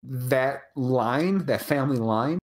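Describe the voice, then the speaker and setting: A podcast co-host in casual live chat, rambling and animated, swearing freely over a remote call mic. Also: medium pitch, slow pace.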